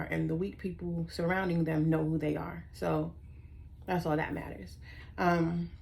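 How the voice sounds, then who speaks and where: Woman in her forties, casual vlog storyteller: rambling, sassy, low and gravelly. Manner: rambling, sassy, easily sidetracked. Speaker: vlogger.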